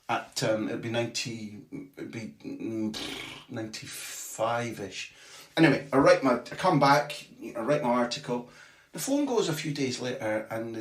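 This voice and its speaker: A man who is a football journalist guest, telling a long anecdote in a lively way with casual swearing. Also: mid-range voice. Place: tiny bathroom. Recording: echoey small bathroom.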